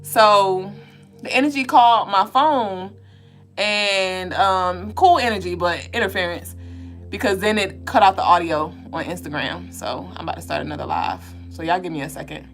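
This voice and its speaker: Woman, casual spiritual live-stream host, swearing and joking, bright forceful voice, faint music underneath. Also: medium pitch, normal speed. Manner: profane, joking, animated storytelling. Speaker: podcast co-host.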